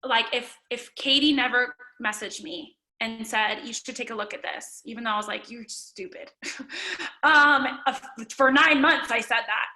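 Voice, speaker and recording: A woman's voice: fairly high pitch, normal speed, bright, forceful tone, low-quality recording. A young woman leading a motivational team call, emphatic and upbeat, with lots of "like" between her thoughts. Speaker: team leader.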